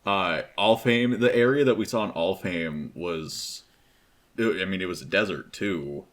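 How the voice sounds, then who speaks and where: A man's voice: low-pitched, measured pace. A young man in casual chat about a video game, hesitant, with many fillers, explaining at length. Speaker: game discussion panelist.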